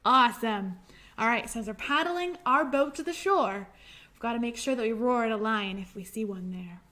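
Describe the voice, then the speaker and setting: A young woman librarian leading a children's storytime, gently encouraging and singing nursery rhymes. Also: fairly high pitch, moderate pace.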